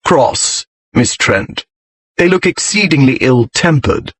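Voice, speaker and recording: A man's voice: mid-range voice, animated, slow, fairly bright tone, slightly rough, no room sound, full character voice. A man voicing a grim aristocratic English lord who speaks in a bored, dry and scornful way, in an audiobook reading.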